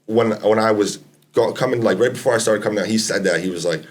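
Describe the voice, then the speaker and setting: A man's voice: on the low side, fast talker. A young man, a college basketball player chatting casually on a podcast, laid-back, swearing freely and laughing often. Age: 20s.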